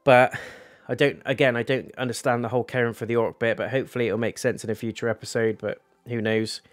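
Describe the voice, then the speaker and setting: A man's voice: mid-range voice, fairly even intonation, fast talker. A young man giving a casual, rambling review of a TV episode, talking candidly and swearing now and then.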